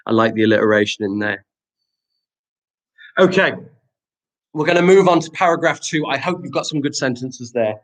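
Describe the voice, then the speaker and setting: A man's voice: mid-range voice, lively intonation, moderate pace, pauses often, low-quality recording. A young man teaching a live online primary lesson, reading pupils' sentences aloud and praising them.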